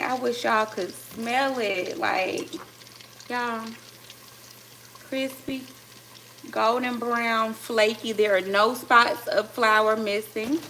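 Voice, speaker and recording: A woman's voice: a little high, background noise. A woman hosting a casual live cooking stream from her home kitchen, chatting to her viewers and calling out to them constantly as she cooks. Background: clatter of pots and dishes.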